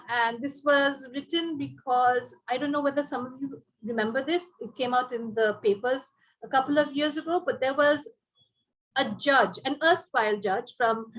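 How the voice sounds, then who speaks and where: A woman poet reads her poems and chats between them with hesitant asides. Her voice sits high. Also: a bit bright, low-quality recording. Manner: chatty, hesitant asides before reading. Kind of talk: poetry reading.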